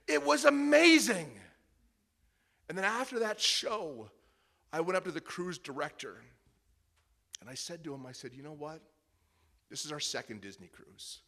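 A middle-aged male pastor preaching a sermon, telling a personal story in an animated way that swings from soft and tender to loud and excited. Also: mid-range voice. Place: church service before a congregation.

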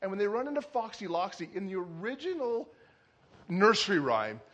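A man preaching a sermon, telling a nursery rhyme as an animated story with shouted character voices. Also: high-pitched, normal speed. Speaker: pastor.

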